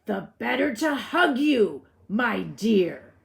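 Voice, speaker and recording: A woman's voice: on the high side, big pitch swings, creaky, voice pushed up, heavily acted. A woman voicing a greedy, wicked male wolf in a storybook read-aloud, smug and drawing out his words. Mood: sly. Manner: smug, relishing, drawn-out words.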